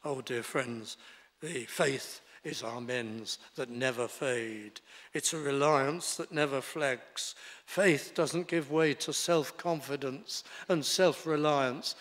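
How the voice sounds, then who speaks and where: Slow, emphatic older preacher. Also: male voice, mid-range voice, a bit bright. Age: 70s. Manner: deliberate, emphatic preaching with short declarative lines. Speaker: pastor. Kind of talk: sermon. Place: church sanctuary. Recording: long reverb in a large hall.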